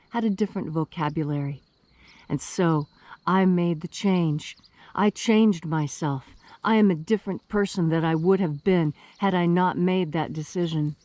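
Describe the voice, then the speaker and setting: Woman minister, earnest sermon, deliberate diction, warm mellow voice. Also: fairly low pitch, dry recording. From West Virginia. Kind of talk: spiritual sermon.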